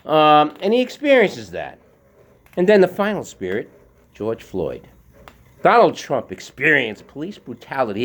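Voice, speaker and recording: A man's voice: mid-range voice, fairly bright tone, a little hiss or hum. A man giving a rambling casual monologue from his home garage while working out, with many fillers. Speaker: vlogger.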